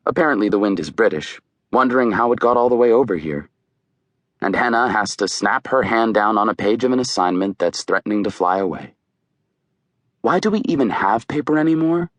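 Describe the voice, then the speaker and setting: A man's voice: fairly low pitch, fairly quick, a bit bright, dry recording. A man narrating an audiobook in a wry, conversational storytelling way. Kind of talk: scripted narration.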